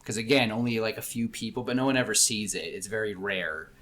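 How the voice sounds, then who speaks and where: A young man talks through a story idea on a podcast, rambling and jumping into characters' voices. His tone is bright and forward. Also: a little fast. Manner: rambling, acts out characters' lines while pitching a story. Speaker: podcast co-host. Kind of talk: casual brainstorming chat.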